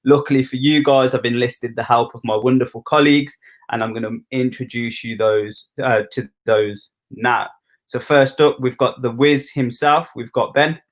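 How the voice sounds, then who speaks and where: Brummie guy hosting a uni livestream, joking around, mid pitch, laid back. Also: fairly even intonation, moderate pace. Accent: Birmingham. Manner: jokey, informal. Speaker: live stream host. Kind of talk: casual chatty presenting.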